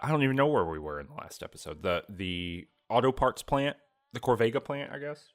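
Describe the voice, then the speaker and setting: A man's voice: medium pitch, expressive, fairly quick, dry recording, clean studio sound. A man co-hosting a podcast, chatting casually about a video game in a rambling, playful way. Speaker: podcast co-host. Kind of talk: casual gaming chat.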